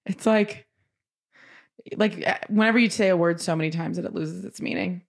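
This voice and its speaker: A woman's voice: on the low side, moderate pace, creaky. A woman co-hosting a podcast, playful and teasing, reading out listener questions. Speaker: podcast co-host.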